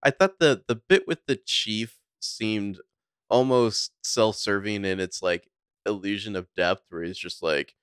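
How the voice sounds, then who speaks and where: Deep smooth-voiced man, rambling film chat. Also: measured pace, fairly bright tone, dry recording, studio quality. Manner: rambling, filler-heavy, opinionated. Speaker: podcast co-host. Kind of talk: casual movie review chat.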